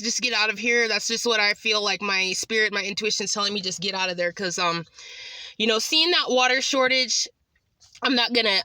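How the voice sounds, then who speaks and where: A woman's voice: fairly high pitch, bright, forceful tone, dry recording. A woman from California talking in a rambling, agitated way in a casual vlog update. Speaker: vlogger.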